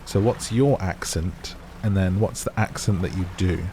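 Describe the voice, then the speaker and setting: A man's voice: sits low, a little slow, a little hiss or hum. A man casually commenting on a game as he plays, chatting to his viewers and reacting with sudden startled outbursts. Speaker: gaming channel host. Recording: game sounds loud behind voice.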